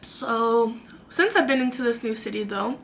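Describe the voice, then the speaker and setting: A woman's voice: fairly high pitch, expressive, normal speed, a little hiss or hum. A young woman vlogging from her own room, telling a dramatic story in a chatty way and acting out the quotes. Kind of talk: storytime vlog.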